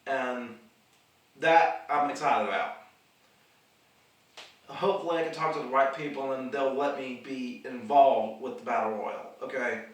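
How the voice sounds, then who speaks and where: A young man talks straight to the camera about his own plans in a loose, rambling way, often repeating words before he gets going. His voice sits at an ordinary pitch for a man and comes from some distance off the mic. The room around him rings with a lot of echo. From the Carolinas. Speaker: independent wrestler and vlog host. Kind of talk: casual rambling monologue.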